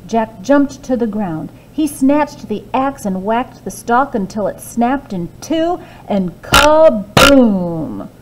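A woman librarian reading a fairy tale aloud to children, expressive with hushed asides. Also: on the high side, measured pace, few pauses, a little hiss or hum, poor audio.

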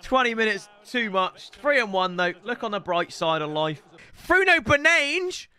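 Excitable young man, bright high voice. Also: normal speed, smooth. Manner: excitable, bursts into shouts, trash-talks his opponent. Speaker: streamer. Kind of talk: gameplay commentary.

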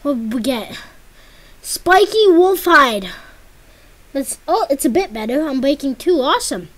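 A woman giving casual let's-play commentary as she plays, excitable and yelping and pleading whenever danger strikes. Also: high voice, a little slow. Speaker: gameplay commentator.

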